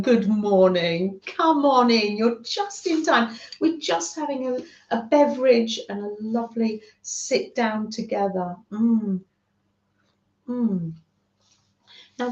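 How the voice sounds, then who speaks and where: A middle-aged woman from the UK hosting a craft livestream, gushing and chatting with her viewers. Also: medium pitch. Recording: roomy, dull lo-fi home stream audio.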